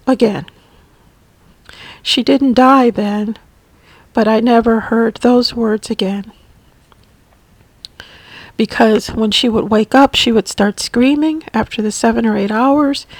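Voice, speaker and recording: A woman narrating a personal caregiving memoir, emotional and halting, often repeating words. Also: a little high, no echo, rough recording. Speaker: family caregiver.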